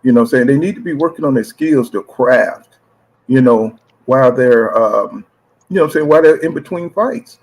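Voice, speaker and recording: A man's voice: medium pitch, expressive, moderate pace, a little mellow, low-quality recording. A man hosting a casual boxing chat show, talking in slang, often saying "you know what I'm saying" and reading out viewer comments.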